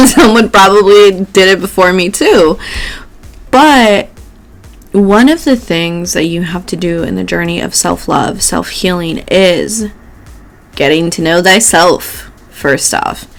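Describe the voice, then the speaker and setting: Chatty, swearing woman host. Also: mid-range voice. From Mexican. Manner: chatty, swears often, laughs a lot, mixes in Spanish words. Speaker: host and tarot reader. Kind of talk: casual chat while doing makeup.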